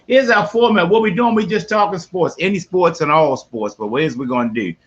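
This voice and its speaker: A man's voice: a little high, brisk, lo-fi sound. Hype Baltimore man hosting a podcast. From West Baltimore. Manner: loud, hype greetings, slangy and folksy. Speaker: podcast host. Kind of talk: casual live sports podcast talk. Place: home man cave.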